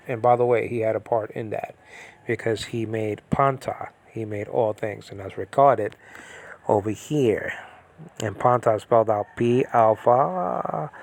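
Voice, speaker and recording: Speaking at a medium pitch, this biblical Greek teacher wanders from point to point informally, full of fillers and restarts. He frequently checks that listeners are keeping up.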